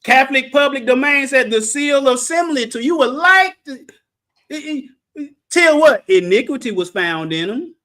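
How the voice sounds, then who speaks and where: High, exuberant preaching man. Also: animated, moderate pace. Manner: exuberant, with shouted exclamations and joking asides. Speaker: Bible teacher. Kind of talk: animated Bible study preaching.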